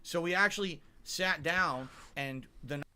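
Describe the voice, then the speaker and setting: A man's voice: a little high, unhurried, sharp tone, clean tone. A middle-aged man from Connecticut telling a long-winded, emphatic vlog story and checking in with the listener. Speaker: vlogger. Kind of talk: rambling vlog monologue.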